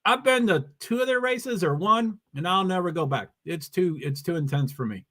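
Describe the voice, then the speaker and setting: A man with a New England accent chats his way through a casual livestream, wandering from viewer comments to racing news. His voice sits high for a man and has a bright, forceful edge. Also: expressive, normal speed. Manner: rambling, reads comments and news aloud. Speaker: livestream host.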